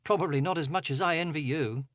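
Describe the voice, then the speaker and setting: A man voicing a polite young woman police detective who asks brisk, courteous questions. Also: sits low, dry recording, studio quality, pitched above the performer's own voice, close to an everyday voice.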